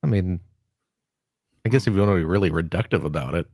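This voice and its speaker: A man's voice: deep voice, lively intonation, fast, darkish tone, no room sound, studio quality. A man co-hosting a podcast in casual chat, playful and teasing. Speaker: podcast co-host.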